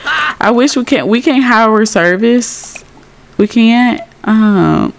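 A woman's voice: on the high side, lively intonation, slow, creaky. A young woman giving casual, giggly commentary over a life-simulation game, chatting to her viewers. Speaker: Sims let's play creator.

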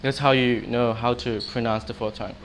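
A man's voice: mid-range voice, fairly even intonation, moderate pace, a bit bright, a little hiss or hum. A man teaching a short informal language lesson, demonstrating sounds by example. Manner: friendly, demonstrates tones by example.

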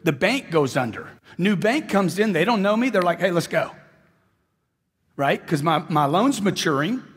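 Man, middle-aged, brash motivational speaker, high husky voice, reverberant hall. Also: big pitch swings, normal speed. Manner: brash, punchy, mocking quoted voices. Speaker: sales speaker. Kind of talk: motivational seminar speech. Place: large hall with live audience. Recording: echoey hall recording.

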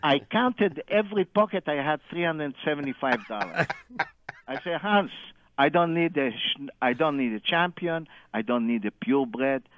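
A man's voice: mid-range voice, moderate pace, muffled recording. A man calling in and telling a long anecdote, acting out every quoted line with loose, non-standard grammar. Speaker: caller. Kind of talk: animated anecdote storytelling.

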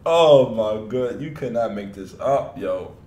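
A man hosting a music reaction video, talking casually, laughing a lot and bursting out in loud, profane disbelief. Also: medium pitch, lively intonation, slow pace, roomy sound. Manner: laughs often, loud incredulous outbursts, profane.

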